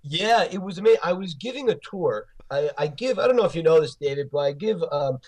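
A man talking in a casual interview, his voice sitting a little higher than usual for a man. He tells stories in an animated way, stumbling through fillers and restarts as he goes. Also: a little fast. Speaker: Rocky film tour guide.

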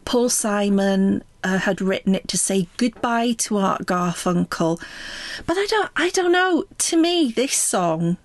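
A woman chats her way through a favourite album in a relaxed, rambling spoken review. She speaks slowly and takes her time with each thought. The sound is close and dry, with no room echo. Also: medium pitch. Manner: relaxed and chatty, with frequent ums and laughs. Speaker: music reviewer.

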